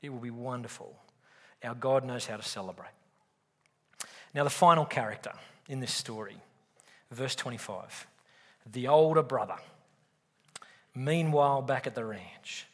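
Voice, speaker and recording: A man's voice: mid-range voice, a little slow, long pauses, fairly bright tone. A man preaching a sermon to a live congregation, speaking emphatically and asking his listeners questions. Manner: emphatic, asks the audience questions. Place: church service with live audience. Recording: reverberant hall.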